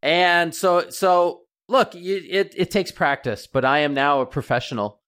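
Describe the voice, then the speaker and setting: Animated middle-aged man telling stories. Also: unhurried. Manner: animated storyteller, pitch jumps up when excited. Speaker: guest, veterinarian author. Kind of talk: casual radio interview.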